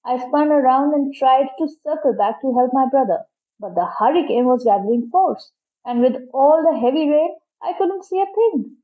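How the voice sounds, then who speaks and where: A woman narrating a storybook in a lively, expressive first-person reading. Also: high-pitched, normal speed. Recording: tinny phone-like sound.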